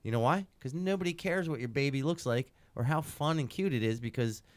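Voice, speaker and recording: A man in his thirties co-hosts a podcast and tells a story full of swearing. His voice is smooth and clear and sits at a middling pitch. The sound is dry and close on a studio mic. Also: fairly quick, no echo. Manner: animated, profane, swings between loud outbursts and low asides. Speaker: podcast co-host. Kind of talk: casual storytelling chat.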